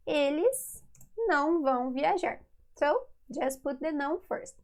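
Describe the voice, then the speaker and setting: A woman's voice: sits high, unhurried, low-quality recording. A woman teaching a lesson, patiently repeating each example. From Brazil. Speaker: Portuguese teacher. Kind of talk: online language lesson.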